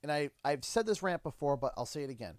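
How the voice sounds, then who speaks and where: Animated livestreamer with lively pitch. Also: male voice, quick pace, dry recording, clean studio sound. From Canada. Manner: animated storytelling, acts out his kids' and his own lines in quotes. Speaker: livestream host. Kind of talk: casual livestream chat.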